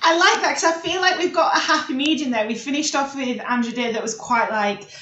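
A young woman chats as a guest, bubbly and quick to laugh at herself. Her voice sits a bit high. The sound carries an echo from the room. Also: bright, forceful tone, highs cut off, slight background noise. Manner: bubbly, self-deprecating, laughs easily. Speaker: athlete guest. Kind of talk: casual chat.

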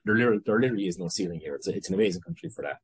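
A man's voice: deep voice, very fast, creaky, slightly rough, no echo. A man with an Irish accent, talking candidly as a guest in an interview, rambling and interrupting himself as he goes. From Ireland. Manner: rambling, self-interrupting, candid with casual swearing. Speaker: guest entrepreneur. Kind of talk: conversational interview.

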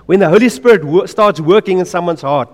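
A man preaching a sermon in an earnest, emphatic way. He repeats key phrases and drops to quiet asides. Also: high-pitched, brisk, big-room sound.

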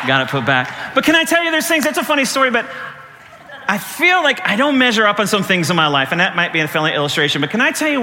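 A middle-aged pastor preaches with a high, bright voice in a church hall. He tells stories with animation and laughs as he talks. His voice carries a long echo, with faint noise behind it. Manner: animated storytelling, jumps high when acting out panic. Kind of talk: sermon.

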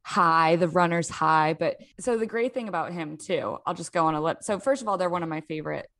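A woman with a Philadelphia accent, co-hosting a casual podcast and telling an animated story full of "like"s. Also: lowish voice, brisk. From South Jersey near Philadelphia. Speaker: podcast co-host. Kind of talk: casual chat.

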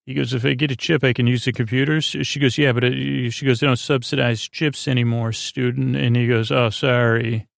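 Gravelly deadpan man rambling a recap. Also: medium pitch, no echo, studio quality. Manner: halting, filler-heavy retelling in "he goes, she goes"; flat, deadpan delivery. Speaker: podcast host. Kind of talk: rambling episode recap for falling asleep.

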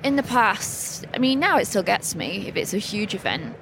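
A woman's voice: mid-range voice, very animated, normal speed, creaky. A woman, a guest in a casual podcast chat, talking candidly and with self-deprecating humour. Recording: noisy background hiss.

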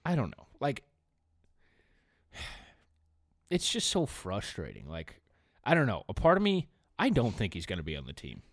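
Man cohosting a sports chat, lively swinging pitch, dry close sound, jumps between mumbling and excited outbursts. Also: moderate pace, pauses often, no room sound. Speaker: podcast co-host.

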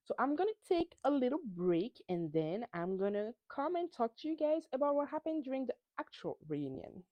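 A woman's voice: mid-range voice, dark tone, no room sound. A woman hosting a podcast, recapping reality TV in a casual, emphatic way and swearing freely. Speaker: podcast host.

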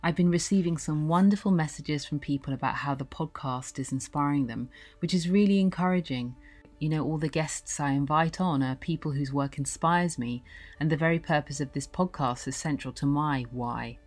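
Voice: mid-range voice, normal speed. Podcast host doing the outro, friendly and encouraging, faint music under it. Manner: encouraging, affirming listener with frequent "mm-hmm".

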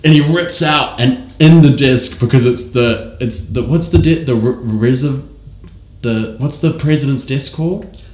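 A man's voice: medium pitch, a little slow, a little mellow. Rambling man in an echoey room. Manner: rambling, stumbling, laughing often. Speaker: podcast co-host. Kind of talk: improv comedy chat.

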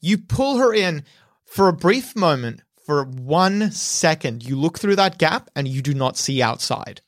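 Game master, tabletop horror narration, measured and descriptive, dry close sound, mid pitch. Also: big pitch swings, dry recording. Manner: measured, descriptive, slows for suspense.

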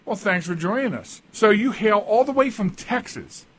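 A man's voice: high voice, lively intonation, moderate pace, fairly bright tone. A man hosting a radio talk show, chatting casually and rambling with lots of restarts and asides.

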